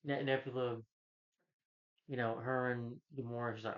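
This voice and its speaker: A man's voice: medium pitch, flat delivery, normal speed. A man casually recapping a movie plot, rambling and filling with "like" and "you know.". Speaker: movie reviewer. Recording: dull lo-fi recording.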